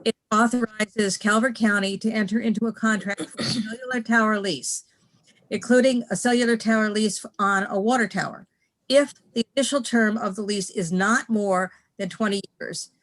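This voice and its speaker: A woman's voice: mid-range voice, fairly even intonation, moderate pace, rough recording. Woman reading a bill report. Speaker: committee member presenting a bill.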